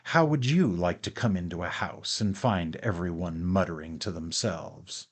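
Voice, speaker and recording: Elderly great-aunt, scolding, low and muttered, voiced by a man. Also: moderate pace, breathy edge.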